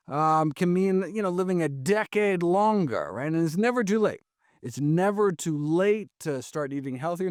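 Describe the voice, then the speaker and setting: A man, a physician guest, answering in an animated, emphatic conversational style, often tagging points with "right?". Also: fairly high pitch, dry recording, clean studio sound. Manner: animated, emphatic, frequent "right?" and "you know".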